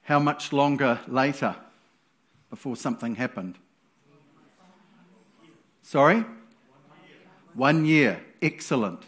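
A man preaching a sermon in an animated, playful way, with sudden loud exclamations. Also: medium pitch, slow pace, long pauses.

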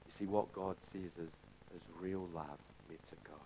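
A man preaching a sermon in a conversational way, retelling a parable with loud, lively stretches and quiet, soft points of emphasis. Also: low-pitched, unhurried, slight background noise, poor audio.

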